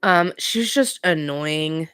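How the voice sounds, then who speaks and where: Chatty woman host with a lowish voice. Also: slow, fairly bright tone, clear, resonant tone, dry recording, clean studio sound. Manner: chatty and opinionated, talks straight to viewers. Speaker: pop culture podcast host. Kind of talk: casual recap and commentary.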